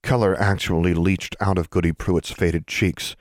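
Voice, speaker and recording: A man narrating an audiobook in an even, measured storytelling manner that hushes for suspense. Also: deep voice, dry recording, studio quality. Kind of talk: scripted narration.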